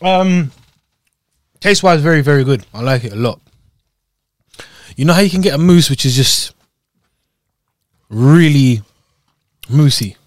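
A young man from Scotland talks in a loose, jokey, rambling way on a podcast. His voice sits a little high for a man. The sound is dry and close, with no room around it. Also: expressive, a little slow, pauses often, dry recording. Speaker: podcast co-host. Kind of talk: casual chat.

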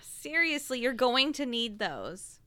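A woman's voice: a little high, sing-song, takes it slowly, pushed and bright, dry recording. A woman chatting casually about a book, making wry, sarcastic asides.

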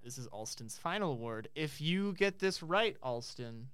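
A young man hosting a casual podcast game, animated and quick to laugh. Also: mid-range voice, clean tone, dry recording. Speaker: host.

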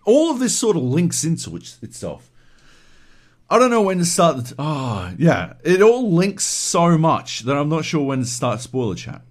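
A man's voice: a little high, very animated, normal speed. A man co-hosting a podcast, ranting animatedly and swearing a lot in casual chat. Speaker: podcast co-host.

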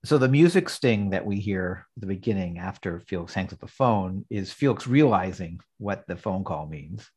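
A man's voice: sits low, lively intonation, normal speed, few pauses, darkish tone, a little hiss or hum. A man co-hosting a podcast in casual chat, musing and nitpicky. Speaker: podcast co-host.

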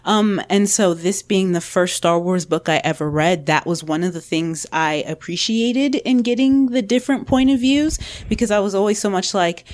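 A woman's voice: medium pitch, normal speed, few pauses, darkish tone. A woman in a casual book-club chat, thoughtful and a little hesitant, with frequent ums.

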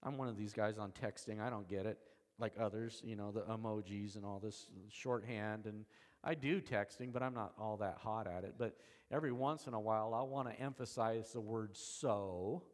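A man preaching an expository sermon, shifting from soft, slow lines to loud emphatic ones, with folksy, self-deprecating asides. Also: on the low side. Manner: dramatic swings between soft and emphatic, slows on key words. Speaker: pastor.

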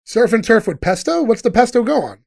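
High-voiced man recapping with quick laughs. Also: very animated, vocal fry. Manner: chatty, laughs often while retelling scenes. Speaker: podcast host recapping a TV episode. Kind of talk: casual chat.

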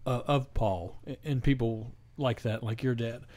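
A man hosting a casual podcast chat, relaxed and reflective, chiming in with laughs. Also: medium pitch, unhurried.

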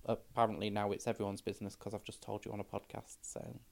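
Frank trans woman with a dark voice. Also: rumbling low, little pitch movement, fast, vocal fry. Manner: frank, storytelling with quoted dialogue. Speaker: podcast guest. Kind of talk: casual chat.

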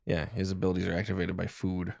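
A man running a tabletop game as game master, playful and quick to laugh. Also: low-pitched, monotone, creaky, mellow.

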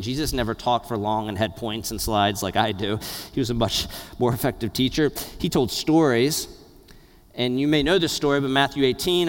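Male pastor, 30s, animated sermon delivery, hushed to loud, reverberant hall. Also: medium pitch. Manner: animated, swings from hushed to loud with playful laughs.

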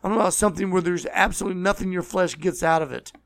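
A man preaching a sermon, earnest and repetitive, slowing down to stress key words. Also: sits high, steady tone, gravelly, a bit bright, no room sound. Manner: earnest, repeats phrases, slows for emphasis.

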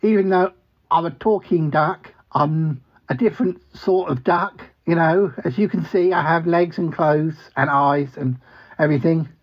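A man's voice: fairly high pitch, unhurried, highs cut off. A man voicing a bumbling, cheerful male talking duck who quacks between sentences and stammers. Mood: earnest. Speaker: regular comedy character.

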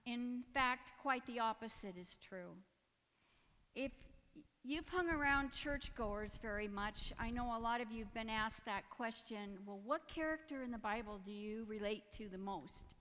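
A woman's voice: fairly high pitch, a little slow, fairly bright tone, long reverb tail. A woman giving a personal testimony in church, earnest and emotional, with nervous little laughs. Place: church sanctuary.

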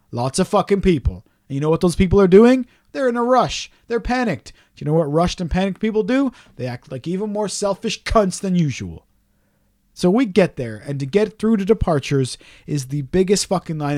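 A man's voice: on the high side, darkish tone, no room sound, clean studio sound. A man telling a long story on a casual podcast chat, swearing often and ranting in exasperation.

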